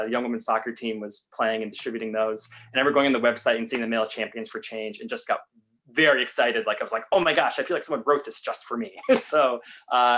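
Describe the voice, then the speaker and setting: Regular guy on a video call, mid voice, earnest and chatty, lots of ums. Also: medium pitch. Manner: earnest, animated storytelling with many fillers. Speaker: panelist, father of young children. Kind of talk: personal story in a panel discussion.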